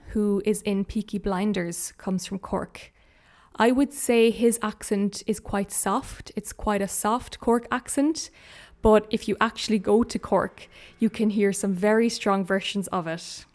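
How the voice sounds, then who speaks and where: A woman with a southeast Irish accent, hosting an English-learning podcast and explaining things gently and clearly at a learner-friendly pace. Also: mid-range voice. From southeast Ireland. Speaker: podcast host, English teacher. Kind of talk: slow, clear lesson narration for learners.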